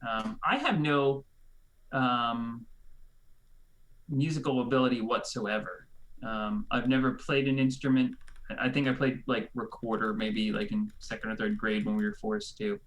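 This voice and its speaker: A man's voice: medium pitch, steady tone, moderate pace. A man chatting as a guest on a live stream, rambling and hesitant and full of fillers. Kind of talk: casual streamed chat.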